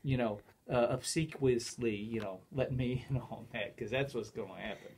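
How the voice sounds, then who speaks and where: A man co-hosting a casual chat show, talking in an animated, rambling way. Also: medium pitch, normal speed, slight background noise. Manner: animated, rambling, lapses into put-on quotes. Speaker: co-host.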